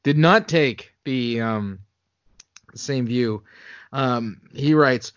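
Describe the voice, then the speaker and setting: A man's voice: medium pitch, animated, takes it slowly, fairly bright tone, no room sound, muffled recording. A man on a podcast reading critics' reviews in a wry, casual way. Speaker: podcast co-host.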